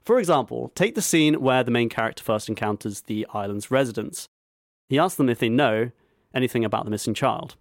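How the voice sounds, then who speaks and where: Man, podcast co-host, casual rambling talk, mid pitch, dry close sound. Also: expressive, fairly quick, dry recording. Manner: rambling, loose, swears, laughs while telling. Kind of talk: casual chat reviewing a film.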